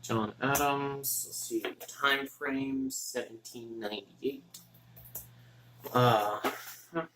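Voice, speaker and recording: A man thinking aloud while doing his homework, halting and muttering to himself. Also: mid-range voice, fairly even intonation, noisy background.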